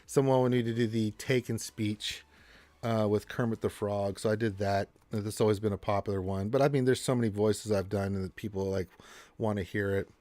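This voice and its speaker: A man's voice: on the low side, steady tone, a little fast, warm tone, no echo. A man hosting a casual gaming live stream, joking and rambling with lots of restarts into a close mic.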